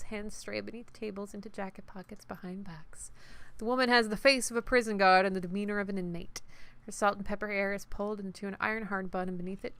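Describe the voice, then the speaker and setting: A woman's voice: medium pitch, no echo. A woman streaming a video game, reading its text aloud and chatting playfully with her viewers. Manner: animated and playful.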